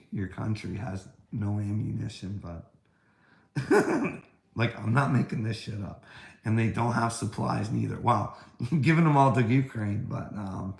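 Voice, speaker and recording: In a rambling livestream rant, a man with a fairly low, darkish voice and vocal fry taunts the listener, calling him "bud." He's preachy and profane, swearing often and laughing frequently between lines, and the room is echoey.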